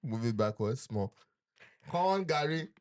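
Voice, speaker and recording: Podcast co-host: man, teasing jokester, swooping lively pitch. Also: unhurried. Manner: teasing, joking, laughs often. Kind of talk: casual podcast banter.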